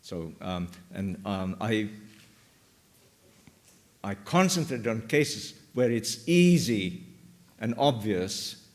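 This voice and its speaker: A man's voice: fairly low pitch, sing-song, takes it slowly, long pauses, long reverb tail. A man answering an audience question at a lecture, explaining patiently with frequent ums. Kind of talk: academic Q&A answer. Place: lecture hall.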